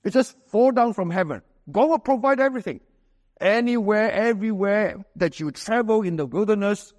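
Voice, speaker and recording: High-voiced Singaporean pastor preaching. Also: male voice, a little mellow, in a large hall. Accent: Singaporean English. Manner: emphatic preaching with dramatic pitch swings and slow quoted scripture. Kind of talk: sermon.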